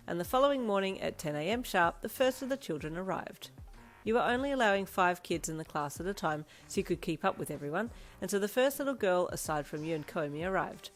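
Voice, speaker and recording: A woman reading a second-person fanfiction story in a steady storytelling voice. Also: on the low side. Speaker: fanfiction narrator. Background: soft instrumental music.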